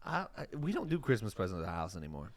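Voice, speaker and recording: A man's voice: fairly low pitch, huge pitch swings, very fast, no room sound. Laid-back young man, dry sound. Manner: laid-back, rambling, laughs often, restarts phrases. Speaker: podcast co-host. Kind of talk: casual chat.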